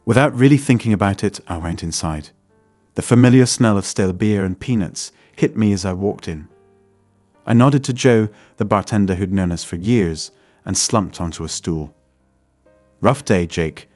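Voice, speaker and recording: A man telling a first-person story in a measured, scripted narration. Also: on the low side, darkish tone, no room sound, faint music behind.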